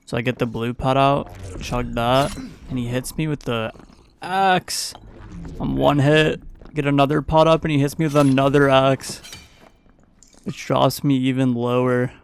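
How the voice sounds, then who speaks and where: A man's voice: medium pitch, steady tone, a little slow, vocal fry, slight background noise. A man giving a casual, playful play-by-play voice-over of his own gameplay as a gaming YouTuber.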